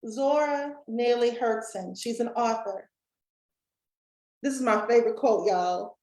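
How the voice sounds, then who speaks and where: A woman's voice: a little high, a little slow, darkish tone, roomy sound, poor audio. A woman giving a folksy motivational talk to a live and online audience, speaking straight to the crowd. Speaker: summit speaker and coach.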